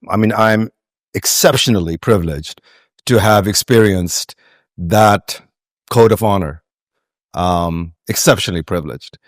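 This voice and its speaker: The recording is clean studio sound without echo, carrying a fairly low-pitched male voice with a Pakistani accent. He's a reflective interview guest in casual conversation, meandering with frequent restarts and fillers.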